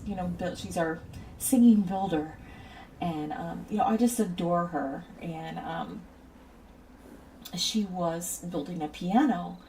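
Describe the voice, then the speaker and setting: Mellow rambling woman streamer. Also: fairly low pitch, recorded from a distance, a little hiss or hum, low-quality recording. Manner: rambling, drifts off on tangents; talks straight to chat viewers. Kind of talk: casual livestream chat.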